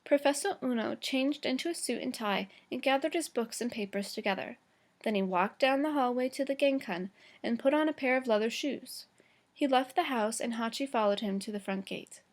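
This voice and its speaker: Woman teacher, higher voice, reads a chapter aloud to the class, slow, fixes her own slips. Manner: slow, careful reading with small stumbles and self-corrections.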